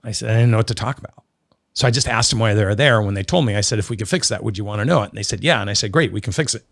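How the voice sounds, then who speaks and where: A middle-aged business guest from Oregon, USA, tells stories in an interview, animatedly acting out quoted dialogue. His voice is lowish, gravelly and rapid-fire, recorded in a clean studio with no echo.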